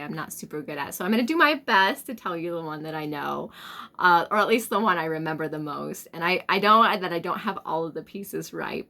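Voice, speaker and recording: A woman's voice: on the low side, sharp tone. A young woman chatting casually to camera and telling a story, rambling with plenty of fillers. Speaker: tarot vlogger.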